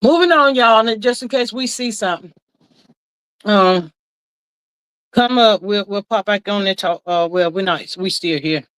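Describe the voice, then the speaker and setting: A woman hosting a casual livestream, reading viewer comments aloud and answering them in a folksy, animated way. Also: medium pitch, unhurried, long pauses, clean tone, rough recording. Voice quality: folksy and animated, talks straight to the chat. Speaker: livestream host reading chat. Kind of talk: casual live chat commentary.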